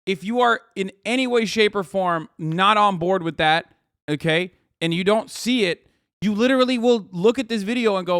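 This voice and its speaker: Male streamer, profane, mocking, higher-pitched, dry close mic. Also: normal speed, a bit bright, no echo. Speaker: streamer reacting to a video. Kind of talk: casual commentary.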